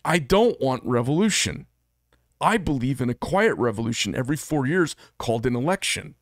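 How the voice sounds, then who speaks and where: An American channel host who makes knives, middle-aged, gives a blunt, combative, profane monologue straight to camera. He's animated, with a mid-range voice at a moderate pace, and the studio-quality sound has no echo.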